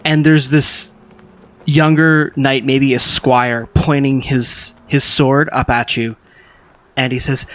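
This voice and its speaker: A man's voice: mid-range voice, flat delivery, slow, a bit bright, no room sound. A man narrating a tabletop game as game master, describing scenes unhurriedly with fillers.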